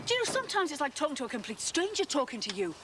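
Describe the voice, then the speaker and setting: An actress playing an exasperated, reproachful wife in a TV soap, recorded outdoors. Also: female voice, high-pitched, sing-song, rapid-fire, a bit bright, slight background noise. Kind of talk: TV soap acting.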